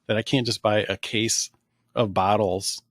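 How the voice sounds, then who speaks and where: A man's voice: lowish voice, fairly even intonation, a little slow, no room sound. Enthusiastic American man, dry close sound. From United States. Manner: enthusiastic, emphatic ranting. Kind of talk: casual podcast chat.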